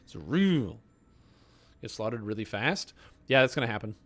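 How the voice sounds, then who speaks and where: A man's voice: on the low side, animated, moderate pace, fairly bright tone. A young man, a game streamer chatting casually and answering his chat with rambling, self-mocking jokes. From Canada.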